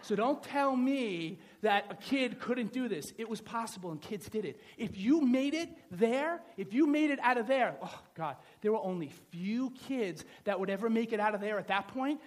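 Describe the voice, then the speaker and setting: A pastor from the New York area preaching a sermon in a lively, joking, conversational way, often checking in with "right?". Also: male voice, high voice, moderate pace, hardly any pauses. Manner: animated, conversational, joking, asks the audience "right?".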